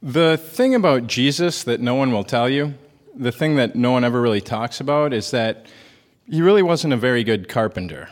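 A man telling a comic story at a storytelling show, earnest and hesitant, with a halting delivery. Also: mid-range voice, expressive. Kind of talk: deadpan comic monologue. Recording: hall reverb, faint noise.

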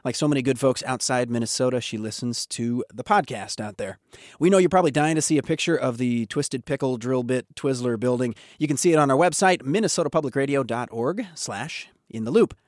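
Relaxed male radio host. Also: mid-range voice, brisk, no echo, studio quality. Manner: relaxed, conversational announcing. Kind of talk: hosting a public radio show.

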